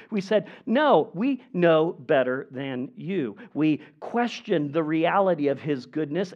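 A pastor preaching a sermon in an earnest, emphatic way, with measured pauses. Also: male voice, high-pitched. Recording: dull lo-fi recording.

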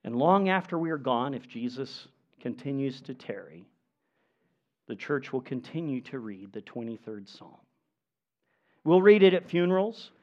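A pastor preaching a sermon in an earnest, emphatic way, with measured pauses. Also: male voice, mid-range voice, big pitch swings, a little mellow. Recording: dull lo-fi recording.

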